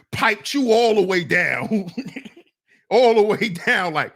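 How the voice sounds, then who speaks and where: Laid-back guy reacting to clips, big swings in his voice, drawls slow and keeps laughing. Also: high-pitched, creaky. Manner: animated, laughs often, speaks to "fellas". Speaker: online commentator reacting to clips. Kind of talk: casual reaction commentary.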